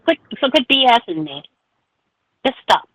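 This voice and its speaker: A woman's voice: a little high, big pitch swings, moderate pace, a bit bright. A woman posing as a mother on a prank phone call, scolding and ranting in an indignant way.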